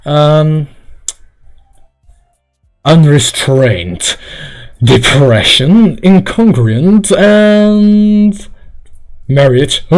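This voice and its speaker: Lively young man streaming a game. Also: on the high side, measured pace, soft background music. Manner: rambling, joking, stammering, mock-Russian asides. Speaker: livestreamer playing a visual novel. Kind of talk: casual gameplay commentary, reading game text aloud.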